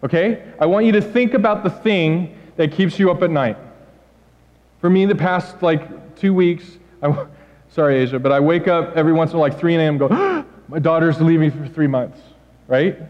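A middle-aged male pastor delivers a lively, joking sermon in a high voice, slipping into quoted lines. The recording is dull and muffled, and a long reverb hangs on every phrase from the church hall. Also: brisk. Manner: animated, joking, acts out quotes.

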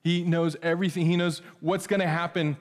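Pastor guy preaching, kinda high voice, chatty, gets loud then goes real quiet, big echo from the church. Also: flat delivery, a little fast. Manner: conversational, swings from loud emphasis to hushed. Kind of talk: sermon. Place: church sanctuary. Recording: long hall reverb.

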